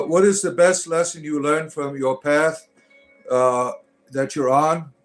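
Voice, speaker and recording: A middle-aged man hosting a casual livestream, answering chat with irreverent jokes and mock-preachy asides. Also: mid-range voice.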